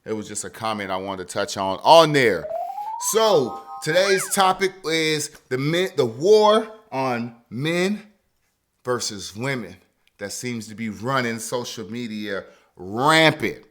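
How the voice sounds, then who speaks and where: A man's voice: medium pitch, takes it slowly, faint music behind. A man hosting a podcast, telling a story in casual chat with lots of swearing and acted-out quotes. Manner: profane, animated, acts out quotes. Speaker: podcast host.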